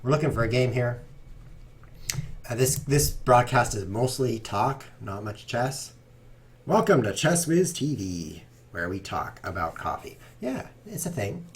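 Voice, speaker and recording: A man's voice: medium pitch, big pitch swings, a little slow. A man hosting a chess livestream, talking casually and rambling with playful sarcasm at his computer. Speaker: chess streamer host. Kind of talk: casual livestream commentary while playing.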